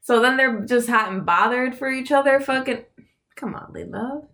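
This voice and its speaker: A woman's voice: fairly high pitch, moderate pace, fairly bright tone. A woman co-hosting a podcast, chatting crudely and giggling, acting out the lines in her stories. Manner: crude, giggly storytelling with acted-out quotes. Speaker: podcast co-host. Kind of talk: casual chat.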